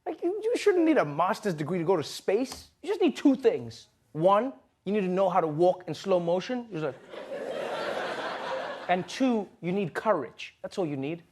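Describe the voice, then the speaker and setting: A man's voice: high-pitched, sing-song, moderate pace, darkish tone. A man performing a stand-up comedy routine, joking and laughing through his punchlines.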